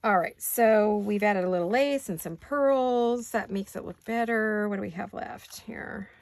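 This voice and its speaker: Medium in pitch and measured in pace, this crafting channel host chats while she works, often talking to herself and hiccuping. A faint hiss or hum sits in the recording.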